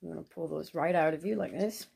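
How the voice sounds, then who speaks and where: A woman's voice: deep voice, fast, vocal fry, dark tone, husky. A sick woman making a casual ASMR video at home, chatting and getting distracted by her pet bird. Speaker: ASMR vlogger.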